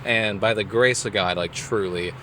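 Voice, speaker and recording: Young man, podcast co-host, bright tone, casual animated storytelling, acts out quotes, faint hum behind. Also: on the low side, normal speed. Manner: animated, acts out his own quoted lines.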